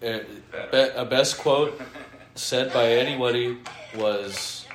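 A man's voice: mid-range voice, takes it slowly, reverberant. A man co-hosting a podcast in a casual, rambling chat. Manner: rambling, musing. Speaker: podcast co-host.

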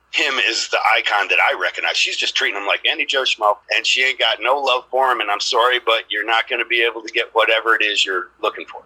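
A man's voice: mid-range voice, sharp tone, breathy edge, rough recording. A man telling rambling stories in a casual podcast chat, swearing freely.

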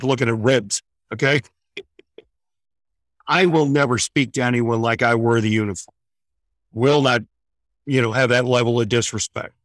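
A man tells a story in a relaxed, chatty way on air. He jumps into the people he quotes. The sound is dry and close, with no room echo. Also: medium pitch. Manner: animated storyteller, acts out quotes. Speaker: guest running horse programs for veterans.

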